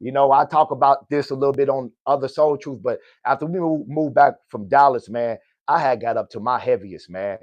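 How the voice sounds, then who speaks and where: A man's voice: mid-range voice, a little fast, few pauses, darkish tone, dry recording, lo-fi sound. A middle-aged man hosting a podcast, giving a motivational personal talk in a preachy way, often asking "right?" and calling out to his listeners. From Oklahoma, US. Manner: preachy, repeats "good people" and "right?". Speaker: podcast host.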